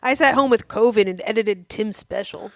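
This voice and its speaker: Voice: medium pitch, moderate pace, a bit bright, no room sound. Blunt, sarcastic podcast co-host ranting. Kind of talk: casual comedic chat.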